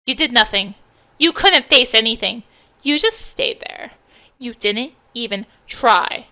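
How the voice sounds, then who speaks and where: A woman's voice: a little high, animated, measured pace, bright, forceful tone, full character voice. A woman voicing a cold, contemptuous inner voice that belittles a child in a game. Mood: scornful. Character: cruel inner voice, sneering, contemptuous.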